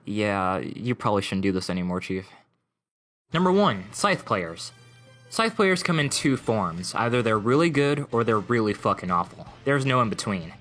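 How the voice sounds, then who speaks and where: Young man, deadpan and mocking, animated pitch, gaming commentary voice-over. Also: normal speed. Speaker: gaming video creator. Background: faint music.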